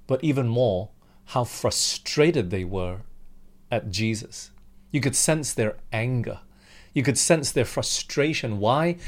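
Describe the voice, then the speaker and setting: A male preacher delivers a sermon in a mid-pitched voice, speaking straight to his listeners. He shifts between calm reasoning and sudden, louder outbursts whenever he voices pleading prayers. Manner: animated, acts out the disciples' pleas with raised pitch.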